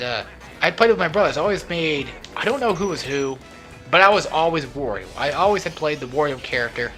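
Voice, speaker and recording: Rambling young man with a bright voice. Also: a little high. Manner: rambling, drifts off topic; joking, laughs often. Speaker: let's play host. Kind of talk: casual gaming commentary. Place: at home, not alone.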